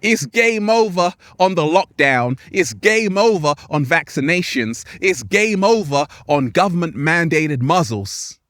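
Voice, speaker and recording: A man giving an animated, playful motivational vlog outdoors in nature, laughing often. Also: on the high side, unhurried, hardly any pauses, dry recording. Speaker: spiritual vlogger.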